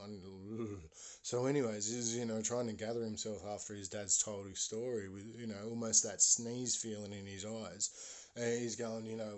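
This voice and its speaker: A man's voice: lowish voice, steady tone, moderate pace. Rambling man telling a story. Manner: rambling, many fillers and restarts. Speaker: podcast host. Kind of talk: casual spoken storytelling.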